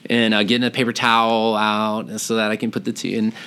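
A man's voice: on the low side, fairly quick, clear, resonant tone. A man in his thirties, a surgical resident, telling a work story in casual chat, acting out the dialogue and swearing as he laughs. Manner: animated, acts out quotes, swears casually, laughs often.

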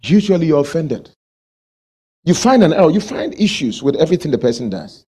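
Husky, animated male pastor preaching. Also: a little high, a little fast. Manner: animated preaching, asks the congregation questions. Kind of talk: sermon.

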